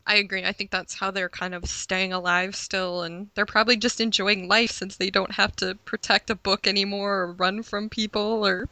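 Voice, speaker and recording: A woman's voice: mid-range voice, flat delivery, moderate pace, hardly any pauses, bright, forceful tone, dry recording, low-quality recording. A woman co-hosting a fan podcast in casual chat, laughing often. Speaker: podcast co-host.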